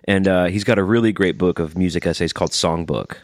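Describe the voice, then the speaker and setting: A man's voice: low voice, brisk, dry recording, studio quality. A man co-hosting a podcast, chatting casually and joking around with his co-host. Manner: joking, riffs in silly voices. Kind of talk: casual chat.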